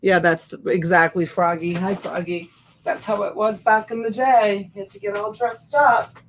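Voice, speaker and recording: Hosting a live reseller stream on a USB desk microphone, a woman chats warmly, greeting viewers by name, reading their comments aloud, and laughing often. Her medium-pitched voice keeps fairly even intonation at a normal speed, with slight background noise.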